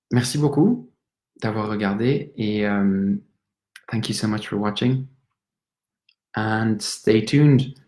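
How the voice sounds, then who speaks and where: A man with a French accent, an actor and playwright, thanking viewers in a relaxed, hesitant way with many pauses. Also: on the low side. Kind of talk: livestream sign-off. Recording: roomy echo.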